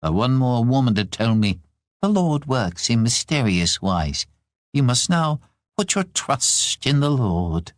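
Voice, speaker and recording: A man putting on a sharp-tongued young widow. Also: mid-range voice, sing-song, dry recording, studio quality, pitched above the performer's own voice. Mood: weary. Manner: curt, exasperated, quick to snap. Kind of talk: audiobook character voice.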